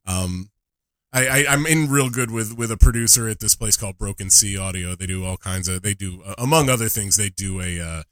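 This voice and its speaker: A man's voice: on the low side, fairly quick, a bit bright, no echo. A middle-aged man in casual podcast chat, laughing often and stumbling through restarts. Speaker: podcast guest and former co-host.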